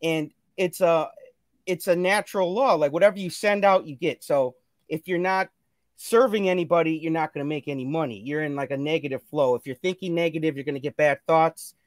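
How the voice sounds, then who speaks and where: A guest on a live stream call, this fairly high-voiced man talks fairly quickly in a casual motivational chat. Earnest and preachy, he keeps repeating phrases and returning to the same points. The audio is dry and close, without room echo.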